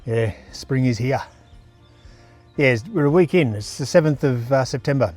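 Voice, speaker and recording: A man's voice: medium pitch, expressive, moderate pace, darkish tone, faint music behind. An Australian man vlogging casually on a riverside trail, chatting in an easygoing, rambling way with lots of fillers while he walks. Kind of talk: casual outdoor vlog chat.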